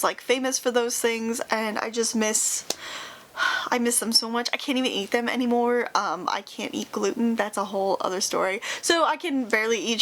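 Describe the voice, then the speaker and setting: A young woman YouTuber with a slightly high, somewhat bright voice chats casually with her viewers. She rambles with many fillers and restarts, sounding wistful and nostalgic and at times near tears.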